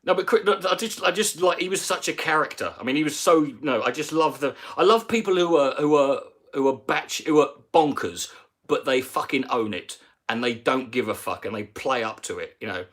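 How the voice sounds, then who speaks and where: A man's voice: mid-range voice, fairly quick, a bit bright. Rambling, swearing man. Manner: rambling, profane, with many restarts. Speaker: comedian streaming live. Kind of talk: casual rant on a live stream.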